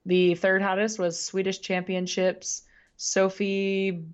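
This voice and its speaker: This woman's mid-range voice is smooth and level, and she takes her time, heard through a muffled recording. Co-hosting a radio show, she keeps the sports chat casual, laughing frequently and now and then fumbling names.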